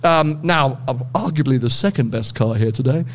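A British man hosts a podcast at a car meet, casually interviewing car owners while teasing and laughing often. His voice is mid-range and his pace moderate.

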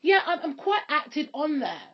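A woman's voice: sits high, very animated, normal speed, slight background noise. Chatty woman on a dull mic. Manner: chatty, laughs often, slangy. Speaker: podcast co-host. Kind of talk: casual chat. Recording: dull lo-fi podcast recording.

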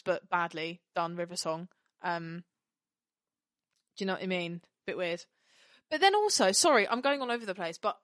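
Woman podcast cohost, mid-pitch, rambly and giggly, dry close sound. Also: dry recording. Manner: animated, apologetic, laughs often, rambling. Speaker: podcast co-host. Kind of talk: casual chat.

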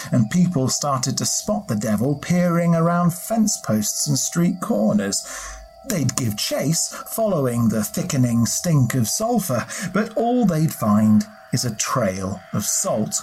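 A podcast storyteller narrating a scripted folk tale in a measured, expressive way. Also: mid-range voice.

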